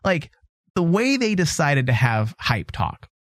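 Male podcast co-host, slightly high voice, opinionated and emphatic, dry close mic. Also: very animated, a little slow, no room sound. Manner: emphatic, opinionated, repeats points for stress. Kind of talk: casual podcast discussion.

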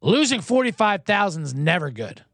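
Give me an animated male betting-show host, swearing as he tells stories, in a dry booth. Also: high-pitched, normal speed, no room sound. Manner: animated, profane, acts out crowd chants in loud bursts. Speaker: sports betting podcast host. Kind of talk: casual storytelling and betting picks.

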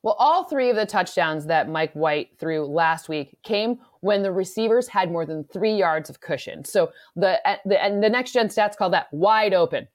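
A woman from Michigan, an analytics expert talking football in a casual podcast chat, fast and rambling with many restarts. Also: fairly low pitch, expressive, no room sound, clean studio sound. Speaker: NFL analytics expert guest.

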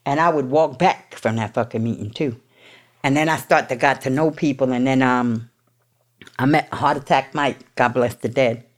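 In a rumbling low voice at a moderate pace, a New Yorker recounts her recovery to an audience. The story is personal and candid, told bluntly, emotionally and with swearing.

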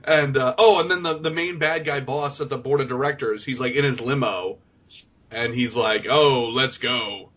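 Man, husky voice, animated, laughing recap, casual podcast chat. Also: medium pitch, moderate pace. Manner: animated storyteller, laughs often, acts out the characters. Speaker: podcast co-host.

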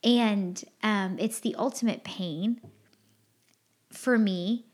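A woman hosting a podcast shares her personal feelings in a candid, confessional chat, earnest, rambling and heartfelt, with lots of fillers. Her mid-range voice is a little mellow and slow-paced.

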